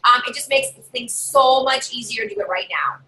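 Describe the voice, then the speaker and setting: A woman's voice: fairly high pitch, normal speed, pushed and bright, slight background noise, poor audio. A woman giving casual how-to tips to camera as a party sales consultant, chatty and bossy, talking from her desk at home. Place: home desk with a drawer and her dog nearby.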